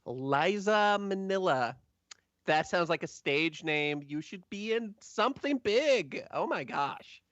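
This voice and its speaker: A man's voice: sits high, takes it slowly, dry recording, voice pushed up, exaggerated voice. A man voicing a chatty, starstruck female desk clerk who gushes over the visitors, in a dull, dry recording. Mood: gushing. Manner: gushing, excitable.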